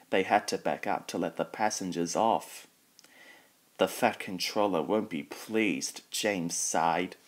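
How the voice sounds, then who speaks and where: A man with a very low voice reads a children's storybook aloud without hurrying. He does all the characters himself but barely changes his voice for them.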